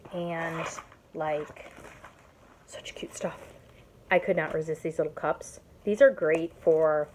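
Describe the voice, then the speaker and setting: A chatty woman from Indiana shows off her craft haul, laughing at herself and getting excited. She is tired from an early start. Her voice sits a little low. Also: a little hiss or hum. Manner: chatty, giggly, self-mocking, excitable. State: tired, up since early morning. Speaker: YouTube vlogger showing a haul. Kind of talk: casual haul vlog chat.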